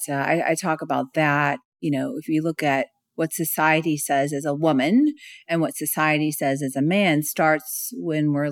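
A woman speaker and author, a guest on a podcast, talking lively and acting out little quoted phrases. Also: no room sound, clean studio sound. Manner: lively, acts out little quotes with jumps in pitch. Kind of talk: conversational interview.

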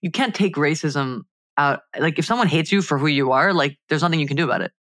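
A woman's voice: sits low, lively intonation, quick pace, a bit bright, dry recording. A young woman co-hosting a podcast, telling a heated story in casual chat, full of "like" fillers. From Miami. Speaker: podcast co-host.

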